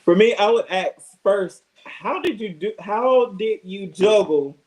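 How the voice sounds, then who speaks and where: A man's voice: sits high, animated, measured pace, a little mellow, rough recording. A man with an Alabama accent, answering interview questions about his work as a businessman in funeral service, earnest and reflective.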